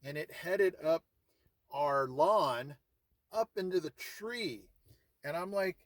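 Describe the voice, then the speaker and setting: A man's voice: on the high side, animated, slow, pauses often, no echo. A middle-aged man, hosting his vlog and telling a story casually, acting out his own reactions as he goes. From California. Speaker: vlog host.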